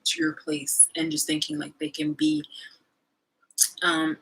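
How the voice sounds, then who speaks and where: A young woman vlogging in a casual, animated rant, swearing freely and trailing off into fillers. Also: deep voice, measured pace, creaky, slightly rough, rough recording. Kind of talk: casual ranting monologue.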